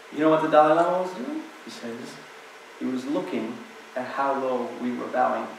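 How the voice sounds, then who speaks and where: A man's voice: on the high side, fairly even intonation, brisk, creaky, a bit bright, slight background noise. A man giving an inspirational talk to an audience, telling stories in a conversational way with many asides. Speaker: guest speaker. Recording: very echoey hall, distant mic.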